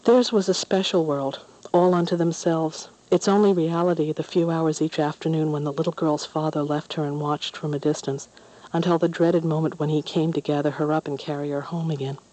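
A woman narrating a storybook in a gentle, measured way. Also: deep voice, steady tone, rough recording. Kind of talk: storybook reading.

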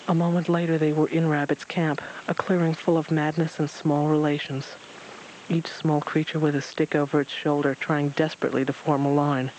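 A man reads a storybook aloud in a calm, even manner. His voice sits a little high. Faint hiss hangs under the recording. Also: moderate pace, low-quality recording. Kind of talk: storybook read-aloud narration.

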